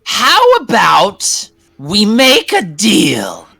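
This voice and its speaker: A man's voice: high-pitched, wildly swooping pitch, extremely slow, gravelly, pushed and bright, husky, no echo, pitched above the performer's own voice, heavily acted. A man voicing a cunning old witch who sells pies, screeching and wheedling by turns. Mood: sly bargaining.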